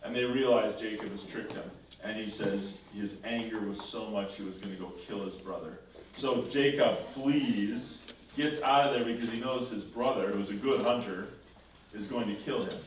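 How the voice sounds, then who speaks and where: A man teaching a confirmation class, retelling a story in a lively way, acting out the characters and correcting himself as he goes. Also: lowish voice, moderate pace. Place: church classroom. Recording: echoey room from far off with faint noise.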